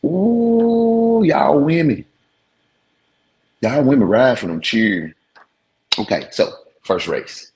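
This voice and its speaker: A man in his forties, a show host, casually telling stories to his viewers in an animated, slangy way. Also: medium pitch, slow, pauses often, breathy edge, low-quality recording. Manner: animated, slangy, talks straight to his audience.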